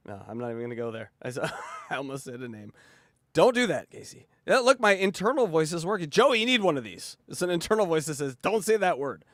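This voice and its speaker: High, bright-voiced laughing male host. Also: lively intonation, quick pace, no echo. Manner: laughing, self-mocking, crude jokes. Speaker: podcast host. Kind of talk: casual comedic chat.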